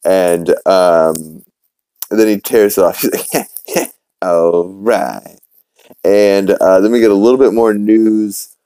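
A man's voice: lowish voice, steady tone, unhurried, dark tone, smooth, no echo, rough recording. A young man from New Orleans who hosts a podcast, casually recapping a cartoon episode in a rambling way, full of fillers and acted-out quotes. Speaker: podcast host.

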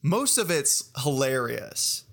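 Man in relaxed, eager podcast chat. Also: mid-range voice, slow, gravelly. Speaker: podcast co-host. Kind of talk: casual chat.

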